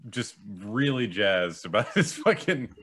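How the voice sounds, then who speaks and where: A man's voice: on the low side, big pitch swings, unhurried, fairly bright tone, husky. A man hosting a casual reaction chat, steering the video and teasing his friends dryly. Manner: dry, teasing. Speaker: host running the video.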